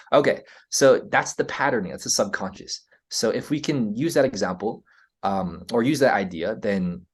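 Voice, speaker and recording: An American man with a somewhat low voice, talking as a guest on a podcast. He explains earnestly and casually, restarting phrases and tagging points with "right?". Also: slightly rough. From United States. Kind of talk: casual interview talk.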